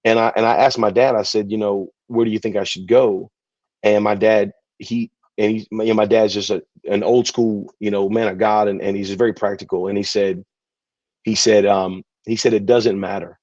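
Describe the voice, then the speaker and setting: A man, a pastor telling his story in an interview, relaxed and chatty. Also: on the low side, moderate pace, dry recording. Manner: relaxed, chatty, many fillers. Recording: dull, dry recording.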